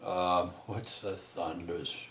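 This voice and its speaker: Rambling man, low voice. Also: steady tone, a bit bright, roomy sound, a little hiss or hum. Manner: rambling, halting, many restarts and tag questions. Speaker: vlogger telling a personal story. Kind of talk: rambling storytelling monologue.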